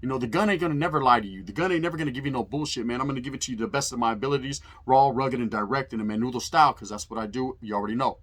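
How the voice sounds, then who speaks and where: Fast-talking man with street slang. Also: medium pitch, fairly bright tone. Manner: street slang, swearing, emphatic. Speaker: channel host telling prison stories. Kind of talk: casual storytelling monologue.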